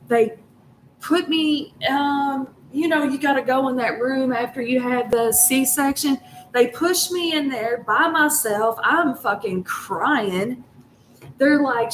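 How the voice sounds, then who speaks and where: Woman, casual chat, rambling and profane, slow drawn-out delivery. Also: on the high side, a little hiss or hum, poor audio. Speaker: storyteller. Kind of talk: casual personal storytelling.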